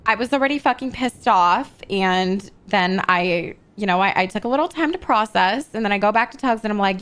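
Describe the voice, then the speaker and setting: A woman's voice: medium pitch, expressive, fairly quick, few pauses, fairly bright tone, clear, resonant tone. A woman in a casual in-character roleplay chat, venting freely and swearing often as she tells a story. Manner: vents freely, heavy swearing, breezy filler like "blah blah".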